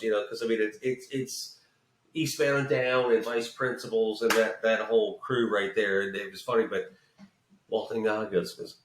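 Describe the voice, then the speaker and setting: A man's voice: lowish voice, steady tone, normal speed, reverberant, distant mic. A man with a Southern US accent, co-hosting a podcast, telling a rambling story and swearing freely. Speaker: podcast co-host. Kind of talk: casual chat.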